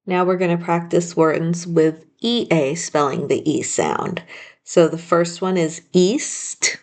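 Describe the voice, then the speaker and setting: Slow, patient woman teaching phonics. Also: fairly low pitch, a little mellow. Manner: slow, patient, sounding out words. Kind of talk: phonics spelling lesson.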